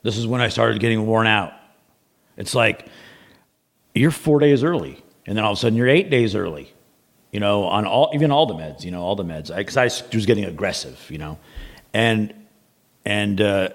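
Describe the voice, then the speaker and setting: A man's voice: lowish voice, lively intonation, normal speed, vocal fry, long pauses. A man guest on a podcast, telling a long personal story in a rambling, casual way, repeating words and acting out what others said.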